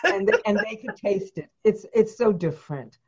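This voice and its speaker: A woman's voice: mid-range voice, huge pitch swings, normal speed, darkish tone, breathy edge. A woman hosting an interview, affirming and encouraging her guest as she shares her own memories. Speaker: host. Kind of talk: warm interview conversation. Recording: dull lo-fi sound.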